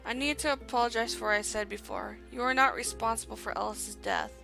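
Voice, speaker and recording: A woman's voice: on the high side, steady tone, brisk, vocal fry, over music. A woman reading aloud the lines of a grieving, furious young woman soldier commander from a video game, accusing at first and later stiff and formal.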